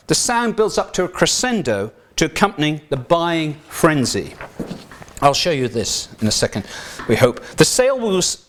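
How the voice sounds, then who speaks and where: An older British man giving an academic lecture in a talk room, conversational, with frequent asides and restarts. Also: fairly high pitch. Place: lecture hall.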